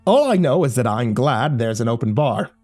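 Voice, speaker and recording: A man voicing a suave, confident gentleman who speaks in a polished, genteel way. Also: mid-range voice, sing-song, normal speed, soft background music. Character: suave, confident adult man, politician-like charm.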